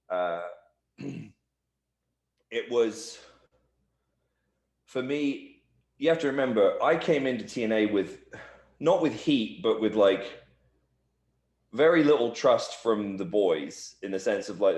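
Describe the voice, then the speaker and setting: Heard in a reverberant space, the wrestler speaks in a lowish, slightly mellow voice. He rambles through casual shoot-interview stories, leaning on "like" and "you know."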